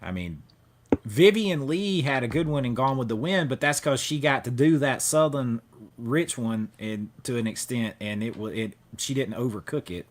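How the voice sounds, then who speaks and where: Male livestream host, mid-pitched, loose and jokey; casual movie-chat delivery. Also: animated, normal speed. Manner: loose, joking, thanks viewers for super chats.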